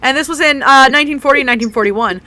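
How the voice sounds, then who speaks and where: High bright-voiced woman co-host. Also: very fast. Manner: reads notes with stumbles, laughs often. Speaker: podcast co-host. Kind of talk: casual group chat, reading history notes.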